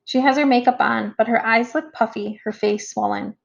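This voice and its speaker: Gravelly woman narrating a storybook. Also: on the high side, moderate pace, dull audio. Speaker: audiobook narrator. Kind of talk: first-person storybook narration.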